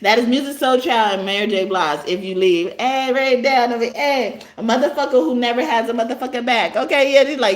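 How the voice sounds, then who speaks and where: Brash, laughing woman with a high voice. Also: brisk, few pauses. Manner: brash, profane, laughing, breaks into song. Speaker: tarot reader on a livestream. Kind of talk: casual livestream reading with singing.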